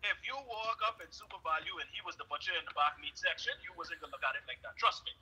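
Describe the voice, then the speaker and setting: Young Bahamian male co-host, joshing, very bright tone, rapid delivery. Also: fairly high pitch, lively intonation, poor audio. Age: young adult. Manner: laid-back, joshing. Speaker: radio co-host. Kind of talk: casual chat.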